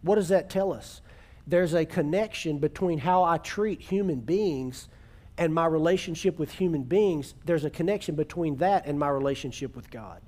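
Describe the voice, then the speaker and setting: A man preaching a sermon in church, earnest, slowing down to stress key words and calling on the congregation to repeat after him. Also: on the high side, dark tone. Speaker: pastor.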